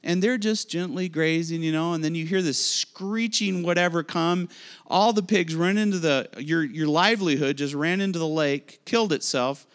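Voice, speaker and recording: A man preaching a sermon, animated and speaking directly to his listeners. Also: on the high side, moderate pace. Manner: animated preaching with asides to the audience. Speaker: pastor.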